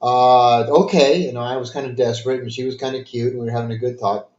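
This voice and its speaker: A man's voice: mid-range voice, level tone, fast, a little mellow. A man telling stories in a casual, rambling way with many fillers and restarts and a dry sense of humor, heard over a video call. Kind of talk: casual storytelling. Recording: echoey, dull lo-fi sound.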